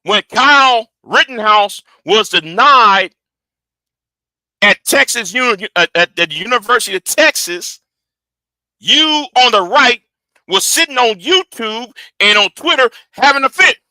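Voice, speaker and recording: A man hosting a live stream, reacting to clips in excitable commentary and repeating words as he builds a point. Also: very high voice, unhurried, no room sound.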